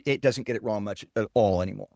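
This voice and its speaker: A man guest, a software founder, explaining his product while demonstrating it on screen in a casual interview. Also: on the low side, fast talker, vocal fry, no echo, studio quality.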